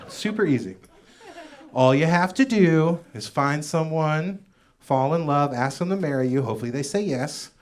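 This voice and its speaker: Man, stand-up comedian, club stage, handheld mic, slow, animated pitch, wry deadpan asides.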